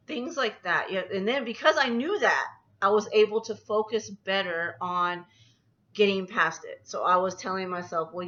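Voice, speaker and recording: A woman's voice: on the low side, sharp tone, dull audio. A woman anxiety coach talking casually to camera in a personal vlog, rambling as she talks herself through her feelings.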